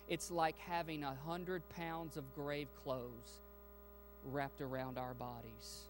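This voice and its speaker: A male preacher delivering a sermon in an unhurried, deliberate rhythm, with a voice that sits a little high for a man. He drops to near whispers, then builds to loud, impassioned peaks, calling out questions to his congregation. Soft instrumental music plays faintly underneath. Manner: dynamic preaching, swinging from hushed to loud and fervent; addresses congregation directly, asks them questions. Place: church sanctuary.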